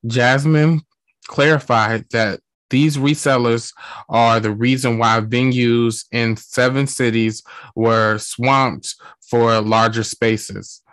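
A man hosts a casual chat, reading a news item at an unhurried pace before asking a question. His voice is mid-pitched and the sound is dry. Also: steady tone, a bit bright, dry recording. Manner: reads news then asks his guest.

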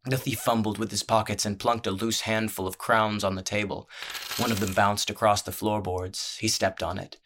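A male narrator reading a fantasy serial with a low voice. His delivery is measured and steady, with very little rise and fall, keeping an even storytelling tone throughout.

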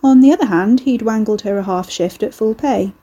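A woman narrating a storybook in a steady, dry way. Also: medium pitch, a little fast, slightly rough. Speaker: audiobook narrator.

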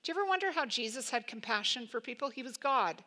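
A woman pastor preaching a sermon in an emphatic, conversational way, full of "like" and quick asides. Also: on the high side, animated, bright, forceful tone.

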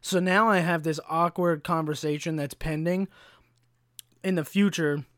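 A man's voice: on the high side, fairly even intonation, measured pace, a bit bright, no echo, clean studio sound. A young man in his twenties, telling a rambling, profane story on his podcast, with plenty of likes and ums. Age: 20s. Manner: rambling, profane, full of fillers. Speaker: podcast host. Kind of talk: casual storytelling monologue.

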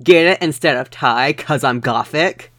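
A man's voice: fairly high pitch, a little slow, fairly bright tone, no echo, studio quality. A young man hosting a comedy podcast, reading fan fiction aloud with theatrical, mock-dramatic overacting.

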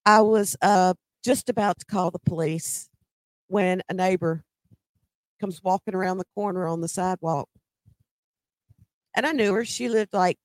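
A woman's voice: medium pitch, unhurried, long pauses, no room sound. A middle-aged woman telling a personal story in a conversational way, with emphatic quoted dialogue.

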